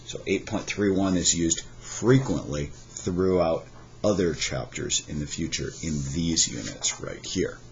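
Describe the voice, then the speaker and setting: A deep-voiced man gives a recorded chemistry lesson. He explains methodically and works through examples one step at a time. The recording sounds dull and lo-fi, with faint noise underneath. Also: lively intonation, unhurried, creaky. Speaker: chemistry teacher.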